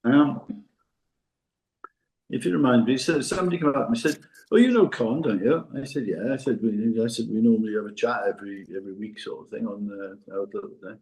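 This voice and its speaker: A man's voice: on the low side, fairly quick, darkish tone, rough recording. An older man chatting casually with a friend, rambling and restarting his sentences often. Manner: rambling, hesitant, full of restarts and asides. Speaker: podcast co-host. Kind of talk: casual chat between friends.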